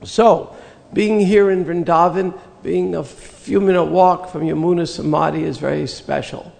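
An older man telling a personal spiritual story in an earnest, reflective way, with slow pauses. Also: fairly high pitch, steady tone, gravelly, darkish tone, big-room sound. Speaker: spiritual teacher recounting memories.

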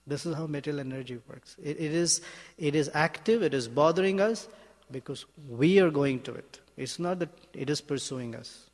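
A male spiritual teacher giving a sermon in a measured, emphatic way, often asking rhetorical questions. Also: a little high. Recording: long hall reverb.

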